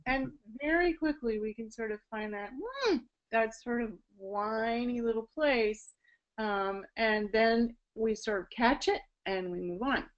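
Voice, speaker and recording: A woman's voice: fairly high pitch, measured pace, dull audio. A woman voice teacher explaining singing technique in an online presentation, speaking through a video call. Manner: explanatory, with sung and spoken demonstrations.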